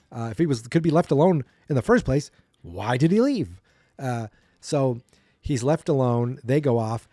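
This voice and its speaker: A podcast host with a dark, mellow voice gives a loose, rambling casual recap of a sitcom episode's plot. He slips into higher, sillier voices for the characters' quotes. The recording is close and dry, with no room sound.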